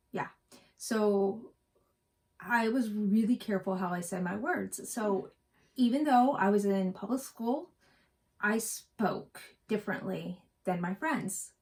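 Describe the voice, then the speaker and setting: A woman's voice: medium pitch, darkish tone. A middle-aged woman from West Virginia co-hosting a cross-stitch vlog, chatting and telling rambling stories. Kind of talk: casual chat.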